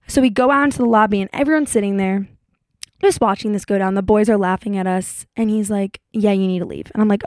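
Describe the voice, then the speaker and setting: A young adult woman vlogger telling a story in a chatty, animated way and acting out what people said. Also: medium pitch, fast, dry recording. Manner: chatty, animated, acts out quotes. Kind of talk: casual storytelling vlog.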